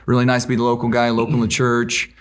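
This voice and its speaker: A man's voice: mid-range voice, fast talker, clean tone. A man in his forties with a Central Illinois accent, a psychologist chatting easily on a podcast with lots of fillers. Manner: relaxed, chuckling, many fillers. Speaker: guest psychologist. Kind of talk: casual podcast chat.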